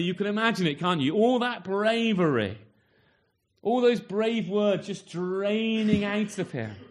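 Tag-questioning male preacher, slightly high voice. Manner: conversational, full of rhetorical tag questions; restarts and stumbles while reaching for words. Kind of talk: sermon.

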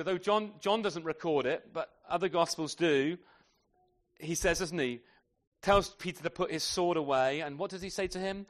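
A man preaching a sermon, emphatic and full of rhetorical questions, sometimes speaking to the children. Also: fairly high pitch. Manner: addresses children in the congregation.

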